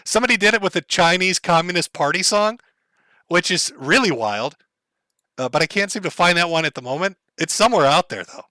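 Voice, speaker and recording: A man's voice: high-pitched, expressive, fairly quick, sharp tone, dry recording. A man with a Minnesota accent hosting a livestream in casual, profane, rambling chat, chuckling often. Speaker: livestream host.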